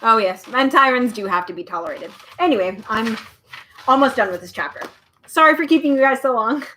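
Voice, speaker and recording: A woman's voice: on the high side, lively intonation, brisk, sharp tone, slight background noise, low-quality recording. A woman reading a children's book aloud at home, with chatty, bubbly asides. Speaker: storyteller.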